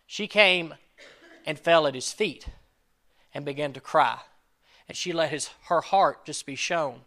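With a slightly high, sharp-toned voice, this male pastor gives a relaxed, conversational sermon full of fillers, reading from scripture and performing the lines its characters might speak.

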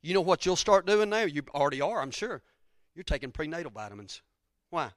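Man, pastor, sermon, folksy rambling asides, higher voice, dry sound. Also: big pitch swings, a little fast, no echo. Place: church sanctuary.

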